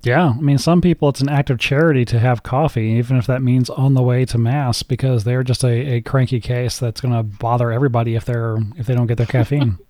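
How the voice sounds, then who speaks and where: A man hosting a podcast in casual chat, measured and dry with deadpan humor. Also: medium pitch, no echo. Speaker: podcast host.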